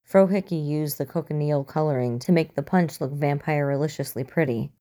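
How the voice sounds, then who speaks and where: A woman's voice: low-pitched, fairly quick, dark tone, natural voice. A woman voicing a prim, smug bearded man in a tie, speaking precisely, in a storybook reading.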